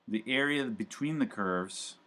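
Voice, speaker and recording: A man's voice: mid-range voice, a little slow, a bit bright. A man teaching a live university calculus class, talking casually with lots of fillers and joking asides. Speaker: university math professor.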